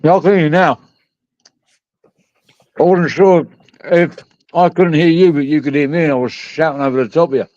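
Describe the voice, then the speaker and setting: A man's voice: on the high side, steady tone, moderate pace, pauses often, darkish tone, no room sound, dull audio. A man rambling and swearing in casual banter on a video call. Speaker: live stream participant.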